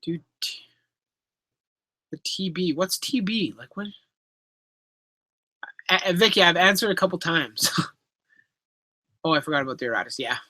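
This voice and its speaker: A man's voice: a little high, normal speed, pauses often, pushed and bright, dry recording. A man from Canada hosting a casual live stream Q&A from home, reading chat aloud through his laptop microphone and joking around. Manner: laid-back, reads chat aloud, jokes and swears. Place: home room with pet enclosures.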